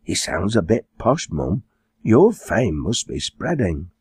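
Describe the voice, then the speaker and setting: A spirited, teasing teenage farm girl, quick-witted and cheeky, put on by a male narrator. The voice is pushed well above his naturally low register and keeps a husky edge. It carries the lively rise and fall of an audiobook read aloud. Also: dry recording, studio quality, full character voice.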